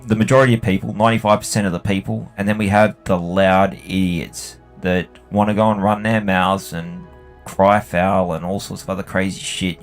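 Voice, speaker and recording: A young Australian man chatting bluntly and swearing freely while he plays a game. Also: low voice. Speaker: gaming video host. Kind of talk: casual chat while playing.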